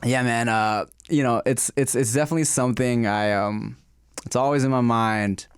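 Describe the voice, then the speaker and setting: A man's voice: mid-range voice, fairly even intonation, normal speed, smooth, dry recording, studio quality. A man co-hosting a podcast, talking in laid-back casual chat and laughing easily as he speaks. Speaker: podcast co-host.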